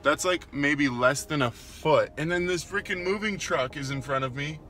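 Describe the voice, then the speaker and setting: A man's voice: a little high, normal speed, pushed and bright. Overdramatic young male vlogger. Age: 20s. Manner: playfully overdramatic, jokey. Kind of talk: casual vlog chat to camera.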